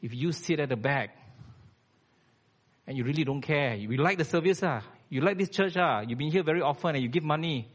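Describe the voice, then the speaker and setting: A man's voice: on the high side, lively intonation, brisk. A man, preaching a blunt, emphatic sermon as a church elder.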